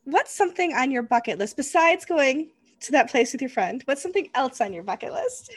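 A woman's voice: sits high, lively intonation, a little fast, breathy edge, no echo. Chatty woman podcast host. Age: 40s. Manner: chatty, laughs often. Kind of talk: casual interview chat.

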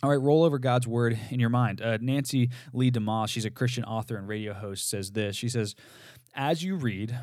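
Man, earnest podcast teacher, mid-pitched, repeats key phrases, dry close sound. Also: moderate pace, darkish tone, no room sound. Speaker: podcast co-host teaching on meditation. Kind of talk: casual teaching talk.

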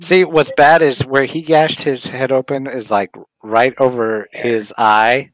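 A man co-hosting a podcast in casual banter, telling stories deadpan and swearing freely. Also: mid-range voice, unhurried, no echo, poor audio. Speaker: podcast co-host.

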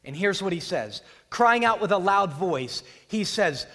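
A man's voice: sits high, lively intonation, a little slow, vocal fry, bright, forceful tone. A man preaching a sermon, retelling a scripture scene with drama and acting out the voices of its people. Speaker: pastor. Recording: long hall reverb.

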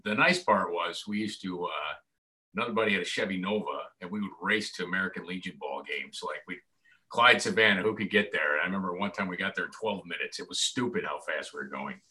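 A man's voice: sits low, brisk. A man in his forties from upstate New York, chatting casually and acting out the voices in his stories. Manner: animated storyteller, acts out quoted voices. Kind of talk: casual chat.

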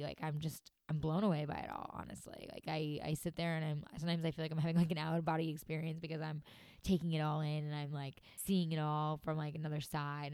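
A woman's voice: sits low, a little mellow, no room sound. A young woman hosting a podcast, talking casually and gushing, with many "like"s and fillers. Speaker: podcast host. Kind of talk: casual monologue.

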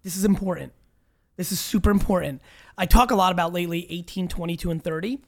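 A woman's voice: on the low side, fast talker. A woman hosting a casual live interview, talking emphatically and eagerly and repeating phrases for stress. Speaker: host.

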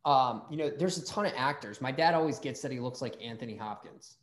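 A middle-aged man hosts a relaxed chat at a middle pitch, drifting from point to point and swearing freely. His delivery is loose and talkative. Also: fairly quick. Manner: rambling, profane, lively storyteller. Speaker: podcast host. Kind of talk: casual interview chat.

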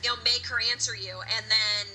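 A woman co-hosting a horror podcast in casual chat, animated and gushing, with some swearing. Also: on the high side, a little fast, a crowd in the background, low-quality recording. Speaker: podcast co-host.

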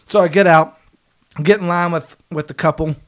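A man in his late twenties telling a story in a casual, animated way, acting out what people said and swearing freely. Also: a little high, moderate pace. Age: 20s.

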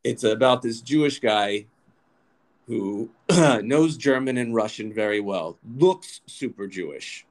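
Animated rambling male storyteller. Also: medium pitch, takes it slowly, rough recording. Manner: animated, rambling, many restarts and fillers. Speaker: guest. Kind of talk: casual storytelling.

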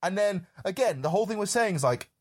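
A film podcast co-host chatting casually about a horror movie, rambling through run-on thoughts stuffed with "like" and "literally" and the odd swear. The pitch swings widely, rising and dropping with every excited point. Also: quick pace.

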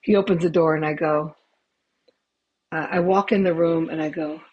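A woman's voice: low-pitched, steady tone, moderate pace, breathy edge, dull audio. A middle-aged woman telling stories casually into a headset microphone as a podcast host, chatty and swearing, with laughing asides. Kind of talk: casual storytelling.

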